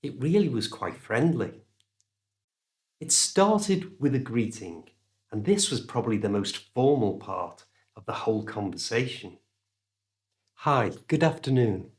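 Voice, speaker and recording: A man with a British accent teaching English pronunciation in a scripted lesson, with clear, careful enunciation. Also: fairly low pitch, sing-song, darkish tone. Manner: clear, slow, careful enunciation with exaggerated examples.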